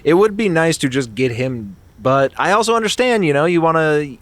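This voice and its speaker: A man's voice: on the high side, expressive, moderate pace, a bit bright, no echo. A man co-hosting a comedy podcast, rambling through chatty storytelling asides. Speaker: podcast co-host. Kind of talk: casual comedic chat.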